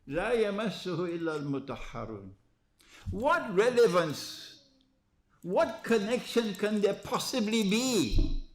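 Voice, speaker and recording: Man, religious lecturer, animated, rhetorical questions, prodding listeners. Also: on the high side, slight background noise. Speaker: Islamic lecturer.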